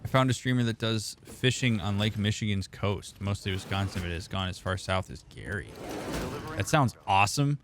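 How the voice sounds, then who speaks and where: A man's voice: on the low side, expressive, moderate pace, noisy background. A young man, a therapist streaming a game, chatting casually and answering viewers by name. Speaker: therapist streamer reading chat. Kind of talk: casual gaming stream chat.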